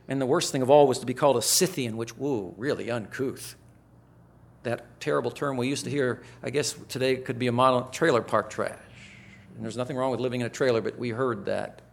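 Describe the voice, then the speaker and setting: An older man preaching a chapel sermon to pastoral students, swinging from loud emphatic bursts to hushed asides. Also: medium pitch, creaky.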